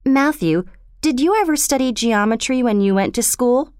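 A woman's voice: a little high, expressive, moderate pace, darkish tone, clean tone, no echo, clean studio sound, pitched above the performer's own voice, lightly acted. A woman voicing an imaginative, talkative young orphan girl in a storybook reading, earnest and dramatic. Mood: plaintive. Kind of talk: storybook character voice.

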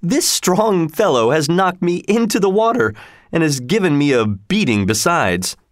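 A man's voice: fairly high pitch, big pitch swings, moderate pace, dry recording, clean studio sound, pitched above the performer's own voice. A man voicing a cheerful, bold male outlaw leader who speaks in a hearty, laughing tone, raised above his narrating voice.

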